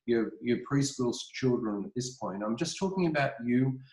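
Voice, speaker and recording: Presenting an informal webinar from an echoey home kitchen through his computer mic, an Australian art educator keeps rambling and apologizing, restarting sentences and filling gaps with ums. His medium-pitched voice is animated and darkish, at a normal speed.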